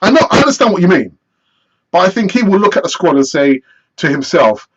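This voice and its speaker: A man hosting a live football fan stream, chatty and animated as he answers viewer messages. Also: sits high, fast talker, breathy edge, lo-fi sound. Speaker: football fan channel host.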